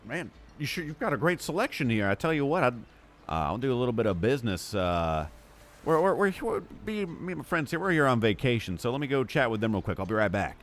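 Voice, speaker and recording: A man voicing a short, smooth-talking male adventurer who flatters in a rapid, stammering way. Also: medium pitch, pitched above the performer's own voice. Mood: schmoozing.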